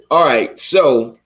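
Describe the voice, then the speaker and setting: A man hosting a podcast, interviewing a guest in a relaxed way, laughing a lot and rambling a little. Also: medium pitch, muffled recording. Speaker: podcast host. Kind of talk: casual interview.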